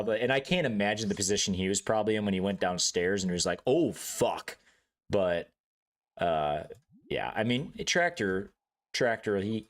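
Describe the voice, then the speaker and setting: A young man with a voice sitting a little low chats casually while he games. His talk rambles and swears freely, and he laughs often and acts out loud outbursts. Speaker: streamer. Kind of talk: casual chat while gaming.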